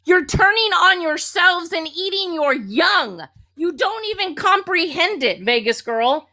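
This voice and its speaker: A woman's voice: very high-pitched, expressive, unhurried, pushed and bright. A woman with a Southern US twang and drawl, lecturing scornfully as a co-host in a heated political argument. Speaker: co-host of a live audio debate.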